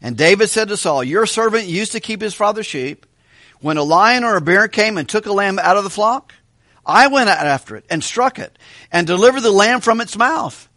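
A male pastor with a fairly high voice gives a Bible study sermon. His delivery is animated, and he keeps asking questions of the listeners. The sound is close and dry. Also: normal speed, dry recording. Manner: animated, asks questions of the congregation. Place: church hall with a kitchen.

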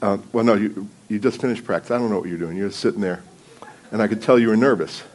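A guest preacher stands before a congregation in a church sanctuary, opening his sermon with casual, loose stories that poke fun at himself, and he laughs often. He talks fast in a lowish, slightly mellow voice.

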